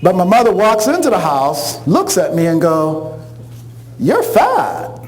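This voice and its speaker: A middle-aged man whose voice sits high recounts an amusing story from his own life at a moderate pace, animatedly performing the voices of the people involved and laughing as he goes. The recording is rough.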